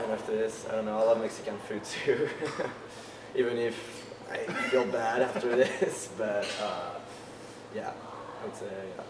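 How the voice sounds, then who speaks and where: A young man with a French accent, a band vocalist chatting in a casual interview, halting and full of fillers and restarts. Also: on the low side, far from the mic. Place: concert venue backstage. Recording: echoey, off-mic, loud music behind.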